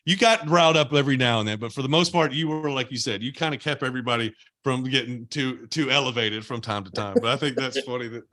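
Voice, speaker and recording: A young man hosting a podcast, telling animated stories with swearing and laughter. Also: mid-range voice, quick pace, few pauses, dry recording. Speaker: podcast host, former player. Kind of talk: casual podcast chat.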